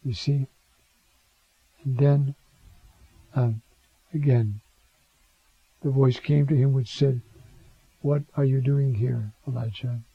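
Gravelly preacher giving a dramatic sermon. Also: male voice, fairly even intonation, slow pace, pauses often, no room sound, highs cut off. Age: older. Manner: dramatic, acts out biblical quotes with rising pitch.

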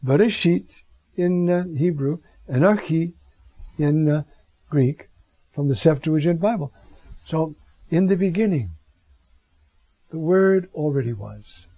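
A man gives a Bible teaching in a slow, unhurried way, full of rhetorical asides. His voice is husky and sits a little high, and the recording is dull and lo-fi. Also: expressive, no room sound. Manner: reflective, rhetorical asides, drawn-out Greek phrases. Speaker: preacher teaching scripture. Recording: dull lo-fi sound.

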